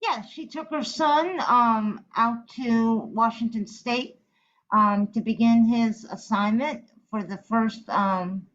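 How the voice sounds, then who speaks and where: A woman with a fairly high voice co-hosts a casual podcast, moving through her topics with frequent ums. The recording is dull and lo-fi. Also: slow pace, a bit bright. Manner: hesitant, many fillers. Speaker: podcast co-host. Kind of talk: casual chat.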